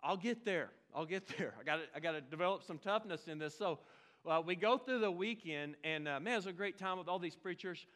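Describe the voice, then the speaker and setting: A man's voice: sits high, animated, fairly quick, fairly bright tone. A man, preaching a sermon as pastor, telling a humorous, self-deprecating story and joking with the congregation. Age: 40s. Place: church sanctuary.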